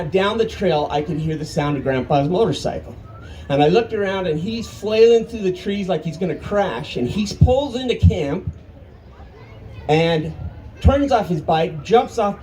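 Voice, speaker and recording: A man's voice: high-pitched, slight background noise, low-quality recording. Folksy man in his fifties telling stories. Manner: folksy, animated, dramatic pauses. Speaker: storyteller. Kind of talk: live storytelling. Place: arts festival stage.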